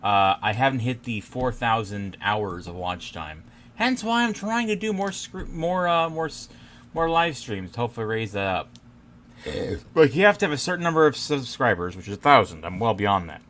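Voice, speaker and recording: A man's voice: mid-range voice, very animated, normal speed, a bit bright, slight background noise. A man streaming live as he works at his computer, chatting casually, muttering to himself and swearing often.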